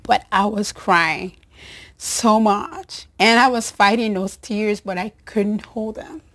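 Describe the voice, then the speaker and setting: Casting: unhurried woman nurse host, heartfelt rambling storyteller, breathy asides. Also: medium pitch, fairly even intonation. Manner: emotional, warm-hearted, rambling with restarts and soft laughs. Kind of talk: personal storytelling to an audience.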